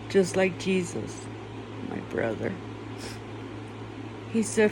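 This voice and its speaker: A woman speaks very slowly in a tearful, rambling personal monologue. Her words come with curses and broken laughter between them. Her voice sits at a middle pitch for a woman. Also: very animated, a little hiss or hum.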